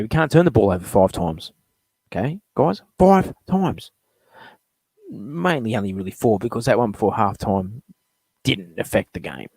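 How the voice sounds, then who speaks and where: A man's voice: lowish voice, gravelly, darkish tone, breathy edge, no room sound. Fired-up swearing male sports host. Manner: blunt, swearing, fired up, rambling. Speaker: live show host. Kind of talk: profane sports fan rant.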